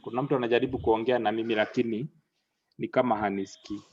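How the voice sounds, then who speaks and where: A man's voice: mid-range voice, fairly even intonation, a little mellow. Man teaching an online class. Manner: halting, repeats words, mixes in Swahili. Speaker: lecturer. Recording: muffled lo-fi audio.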